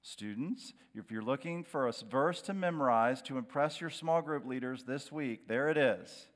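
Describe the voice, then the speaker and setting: A middle-aged man preaching a sermon as a pastor, dramatic, dropping to a hushed, slow voice on key words. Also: mid-range voice. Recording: long hall reverb.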